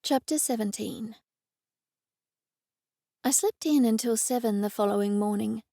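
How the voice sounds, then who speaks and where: Female audiobook narrator, first-person, measured, dry booth sound. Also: a little high, gravelly, mellow, no echo.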